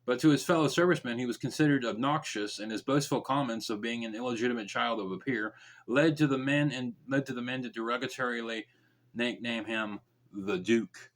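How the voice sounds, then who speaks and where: A man hosting a true crime podcast, reading the case aloud and breaking off into casual, joking side comments. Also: mid-range voice. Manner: reads facts briskly, then drops into mumbled, joking side comments.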